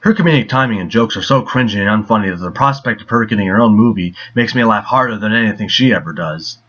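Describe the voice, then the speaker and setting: A man's voice: lowish voice, fast, fairly bright tone. A man reading a scripted film review in a sarcastic, mocking tone. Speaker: movie reviewer. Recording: dull lo-fi voice.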